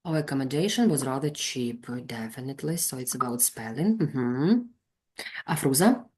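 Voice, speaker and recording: Woman, trainer, low pitch, patient corrections. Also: expressive, moderate pace. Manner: calls on students, corrects gently. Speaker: teacher trainer. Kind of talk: online lesson.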